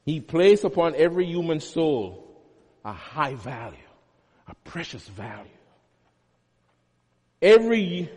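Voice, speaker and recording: A man's voice: a little high, sing-song, measured pace, pauses often, a little mellow, breathy edge. A male pastor preaching a sermon, teaching with emphatic repetition and homely everyday examples. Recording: long hall reverb.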